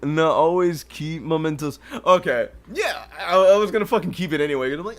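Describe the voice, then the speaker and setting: A young man hosting a podcast alone, telling a story in an animated, profane way and laughing often. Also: fairly high pitch, fairly quick. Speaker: podcast host. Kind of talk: casual storytelling. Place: home livestream setup.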